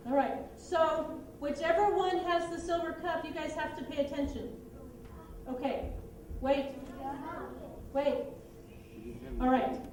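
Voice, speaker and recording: A woman teaching children, narrating a Bible story and directing kids through a skit in a lively, brisk way. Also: high voice, a little hiss or hum. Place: church room with children. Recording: echoey room, distant mic.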